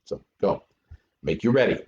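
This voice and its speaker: A man reading a play aloud as Hamlet, an earnest young prince lecturing actors, with animated, deliberate verse delivery. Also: fairly low pitch. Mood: instructing. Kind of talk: amateur dramatic reading. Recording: dull lo-fi recording.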